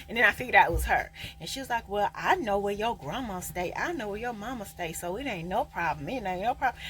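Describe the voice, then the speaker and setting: A young woman telling a casual storytime, loud and sassy, acting out each quote. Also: slight background noise, poor audio. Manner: animated, acts out quotes with big pitch jumps; loud, sassy, Southern Black vernacular. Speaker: storyteller vlogger.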